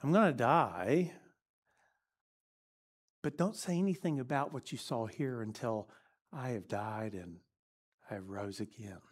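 A man voicing a tender male teacher who speaks softly and reassuringly. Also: medium pitch, a little slow, long pauses, breathy edge, pitched below the performer's own voice. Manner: soft, gentle, reassuring. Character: gentle, tender male teacher comforting followers.

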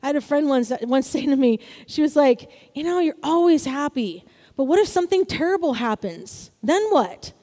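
A woman preaching to a congregation. Her voice sits high but sounds mellow and warm, and she keeps an upbeat tone, often checking in with her listeners. The sound carries a long church-hall reverb. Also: animated, moderate pace. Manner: upbeat, calls out "Amen?" to the congregation. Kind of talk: sermon.

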